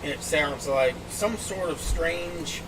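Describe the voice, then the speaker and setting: A man with a fairly high voice speaks slowly, narrating scenes as game master of a tabletop game. His descriptive narration is lively, captured outdoors by a distant mic amid background noise.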